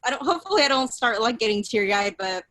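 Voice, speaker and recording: A woman with a bright, forceful voice reads her affirmation aloud over a video call. She takes it slowly and carefully. Her voice sits a little high. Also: expressive. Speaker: workshop participant.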